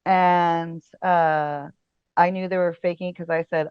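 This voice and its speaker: A woman's voice: low voice, flat delivery, fairly quick, smooth, dry recording. Woman, podcast guest, casting director, chatty, storytelling, filler-heavy, laughs often, dry slightly dull audio. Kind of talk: casual interview chat.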